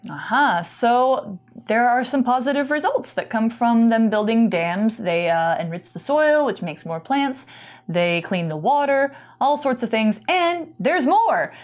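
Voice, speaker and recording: A woman's voice: a little high, lively intonation, unhurried. A woman teaching English vocabulary, explaining patiently with casual fillers. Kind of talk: explaining vocabulary in a bilingual lesson.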